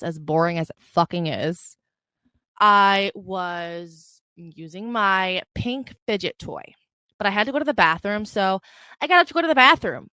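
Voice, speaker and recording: A young woman hosting her own podcast, telling a story in a profane, animated rant and mocking the people in it. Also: mid-range voice, smooth, no room sound. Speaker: podcast host. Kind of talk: unfiltered solo podcast rant.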